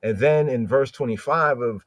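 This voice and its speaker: A man's voice: mid-range voice, moderate pace, a bit bright, no room sound. A man hosting a podcast, teaching scripture in a loose conversational way and repeating words for emphasis. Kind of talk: casual Bible teaching talk.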